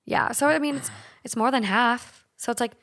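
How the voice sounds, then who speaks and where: On her podcast, a young host with a slight Minnesotan accent chats casually, swears freely, and reads listener stories aloud. Her voice is on the high side, gravelly, and a bit bright, at normal speed.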